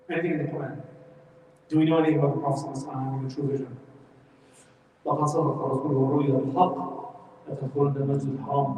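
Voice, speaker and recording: A man teaching a Quran study class, telling the story in a lively way and acting out what the people in it say. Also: a little high, slight background noise. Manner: animated storytelling, acts out quoted speech. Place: mosque hall. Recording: echoey hall from far off.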